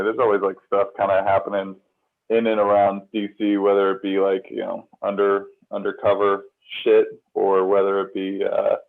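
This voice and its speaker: Joking comedian on a tinny phone line. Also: male voice, fairly low pitch. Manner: joking, deadpan absurd bits. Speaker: comedian guest. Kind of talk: casual comedic banter. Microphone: phone on a video call.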